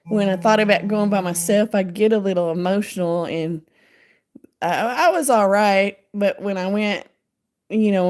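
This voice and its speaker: A woman's voice: mid-range voice, darkish tone. A woman hosting her crochet channel, chatting casually and rambling with many fillers while she reads pattern text aloud.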